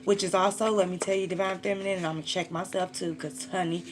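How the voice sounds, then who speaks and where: A woman's voice: on the low side, fairly even intonation, fast talker. A woman doing a casual tarot reading to camera, blunt and profane, talking straight to her listener. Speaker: tarot reader.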